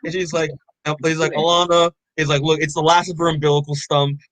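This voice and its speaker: A man's voice: on the high side, flat delivery, brisk, fairly bright tone, no room sound, poor audio. A young man co-hosting a podcast, casually recapping a comic in a rambling way full of fillers and swearing. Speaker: podcast co-host.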